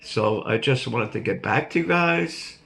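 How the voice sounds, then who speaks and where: A man's voice: mid-range voice, animated, a little slow, gravelly, a bit bright. An older man hosting his own vlog, telling a rambling, jokey story to his viewers and laughing at himself. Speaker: vlog host.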